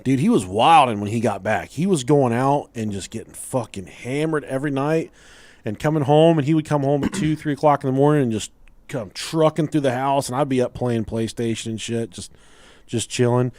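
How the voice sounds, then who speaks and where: A male podcast host tells a rambling childhood story in casual conversation, swearing freely and laughing through his own tale. His voice is medium-pitched, fairly quick and a little mellow, recorded with no room sound.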